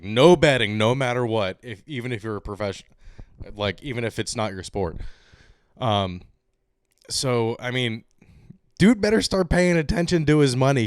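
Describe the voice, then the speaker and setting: A man hosting a casual sports podcast, chatting loosely, laughing often and slipping into lively rants. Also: medium pitch, smooth, no echo, clean studio sound. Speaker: podcast host.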